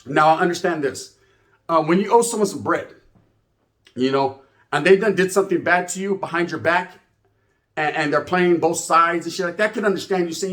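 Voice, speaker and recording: High-voiced man ranting. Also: a little fast. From California. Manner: profane street slang mixed with Spanish, animated storytelling. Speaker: channel host. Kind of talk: ranting storytelling commentary.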